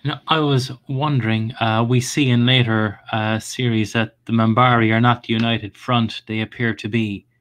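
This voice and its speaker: A man in a casual discussion, speculating in a measured, thoughtful way. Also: mid-range voice, fairly even intonation, a bit bright. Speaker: panel guest.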